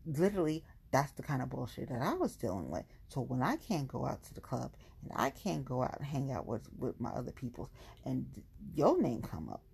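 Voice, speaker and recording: A woman's voice: extremely low pitch, huge pitch swings, a little fast, gravelly, a little mellow, breathy edge. A woman in a casual venting monologue, blunt and profane, repeating lines for emphasis.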